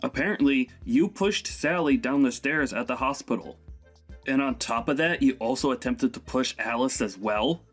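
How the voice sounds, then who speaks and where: A man's voice: mid-range voice, close to an everyday voice. Man playing an angry, scolding young husband. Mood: outraged. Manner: scolding, exasperated. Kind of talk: dramatized text-message story.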